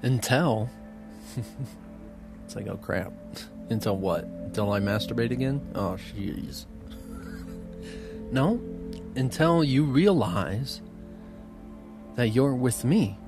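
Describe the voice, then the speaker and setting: A man's voice: mid-range voice, expressive, slow, pauses often. Earnest man in a spiritual talk. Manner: earnest, emotional, laughs often. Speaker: spiritual teacher. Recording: music bed under voice.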